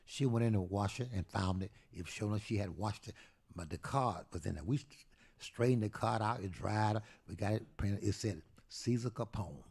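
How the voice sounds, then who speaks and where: A man in his eighties telling a lively story at a live talk event, acting out the people he quotes. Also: on the low side, normal speed, creaky, slightly rough. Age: 80s. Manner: animated storyteller, acts out quoted voices. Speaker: guest storyteller.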